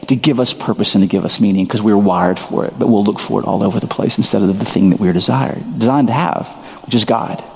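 Earnest pastor preaching in a reverberant hall. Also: male voice, mid-range voice, vocal fry, darkish tone. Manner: earnest, emphatic preaching with repeated phrases. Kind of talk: sermon. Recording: long reverb of a large hall.

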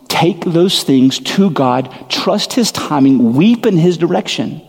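A man's voice: fairly high pitch, expressive, normal speed, hardly any pauses, a little mellow, husky. A man preaching a sermon as a pastor, earnest and emphatic, often repeating his phrases for weight. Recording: long hall reverb.

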